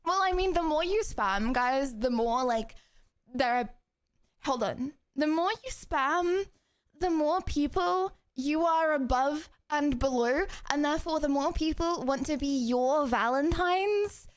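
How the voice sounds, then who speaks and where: A woman's voice: high-pitched, unhurried. A woman streamer chatting casually and giggly with her live stream audience. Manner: bubbly, giggly, talks to chat directly. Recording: music playing loudly behind. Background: loud karaoke music.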